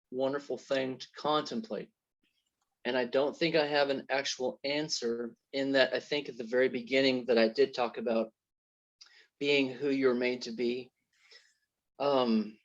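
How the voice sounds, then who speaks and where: An earnest man speaks as an interview guest, drawing on parables and faith to explain his outlook. His voice sits at a middle pitch. The recording sounds dull and lo-fi. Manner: earnest, faith-centred storytelling through parables. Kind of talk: personal testimony in an interview.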